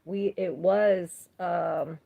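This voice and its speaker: Unhurried woman tarot streamer, chatty and quick to laugh, with a low fry in the voice. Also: steady tone, phone-quality sound. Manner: chatty, laughs often, reads viewer comments aloud. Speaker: tarot reader. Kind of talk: casual livestream tarot reading.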